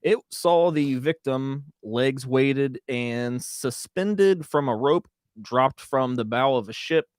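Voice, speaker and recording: Brief: male podcast co-host, mid pitch, joking, reads facts steadily, dry close mic. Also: slow pace, few pauses, dry recording. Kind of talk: casual chat and reading facts aloud.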